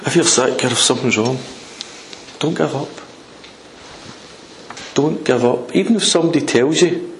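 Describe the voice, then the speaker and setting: A man's voice: mid-range voice, moderate pace, long pauses. A man preaching an informal sermon in a conversational, emphatic way, acting out scripture scenes. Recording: echoey room with faint noise.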